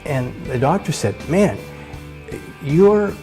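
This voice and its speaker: Man in his 70s, halting, repeats words, mid-pitched, music behind. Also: lively intonation, warm tone, low-quality recording. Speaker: testimony speaker. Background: music playing.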